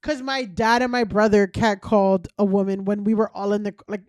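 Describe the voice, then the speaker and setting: A woman in her thirties, a guest comedian on a casual podcast, telling lively stories and acting out quotes. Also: mid-range voice, brisk, dry recording. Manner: animated storytelling, acting out quotes.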